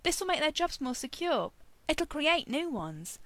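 A woman's voice: a little high, very animated, moderate pace, a bit bright, no room sound. Woman reading as a smug, teasing young man. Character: confident, smug young man, playful and pleading.

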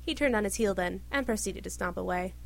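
A woman reading a story aloud with expressive narration. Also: mid-range voice, a little fast, creaky. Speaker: reader. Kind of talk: reading fan fiction aloud.

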